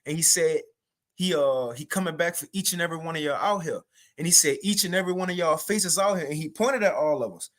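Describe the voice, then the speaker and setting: A young man giving a livestreamed spiritual testimony, telling the story in an animated, repetitive way with casual slang. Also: a little high, fast talker. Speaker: spiritual teacher sharing a testimony.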